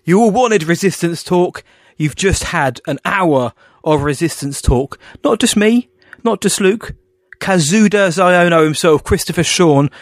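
A man's voice: high-pitched, a little slow, dry recording, studio quality. A man co-hosting a podcast, chatty and self-deprecating. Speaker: podcast co-host. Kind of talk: casual podcast chat.

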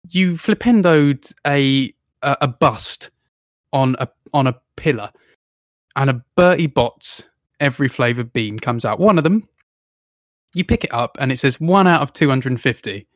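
Co-host, lively sweary gaming chatter, swooping pitch, dry close mic. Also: unhurried, no room sound. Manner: animated, swears freely, laughs often. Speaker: podcast co-host. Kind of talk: casual gaming chat. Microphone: own microphone on a remote call.

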